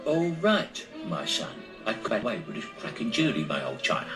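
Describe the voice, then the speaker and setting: A man's voice: medium pitch, wildly swooping pitch, moderate pace, music in the background. A man putting on the voices of two bickering male trolls with a Cockney accent, in thick, exaggerated rhyming slang.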